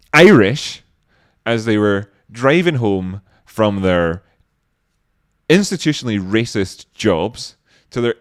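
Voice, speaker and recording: A man hosting a live stream, giving sarcastic, scornful, ranting news commentary with swearing and sudden jumps in pitch. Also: fairly bright tone, smooth, no room sound, studio quality. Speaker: livestream host.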